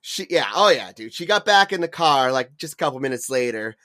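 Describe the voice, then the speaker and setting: Brisk and lively, this young man's medium-pitched voice has a sharp tone. Co-hosting a podcast, he rambles through a long profane story peppered with "like" and "uh."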